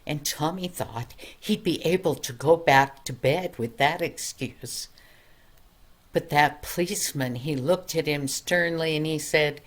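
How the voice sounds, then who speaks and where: An older woman telling a bedtime story in a gentle, homespun way, like a grandmother reading to children. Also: sits low, measured pace.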